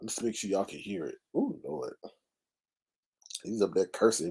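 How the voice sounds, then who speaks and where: Husky, sassy male commentary host. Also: on the low side, sing-song, measured pace, dark tone. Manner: sassy, exclamatory, dramatic asides. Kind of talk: casual gossip commentary.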